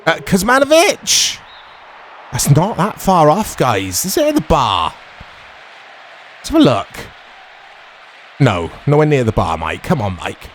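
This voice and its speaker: A man commentating casually over a football video game, chatty and quick to shout at big moments. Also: mid-range voice, a little hiss or hum. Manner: excitable, shouts at big chances, chatty asides. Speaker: gaming commentator. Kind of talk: casual let's-play commentary.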